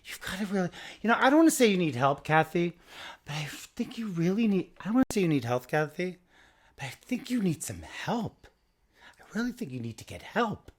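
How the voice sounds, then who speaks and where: A man mimicking a shrill scolding TV woman. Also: very animated, fairly quick. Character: pushy scolding reality-TV woman.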